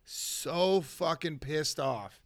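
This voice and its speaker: A man's voice: a little high, drawn-out words, dry recording, studio quality. A middle-aged man on a podcast telling a profane story, laughing and acting out quotes. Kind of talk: casual storytelling chat. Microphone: studio mic.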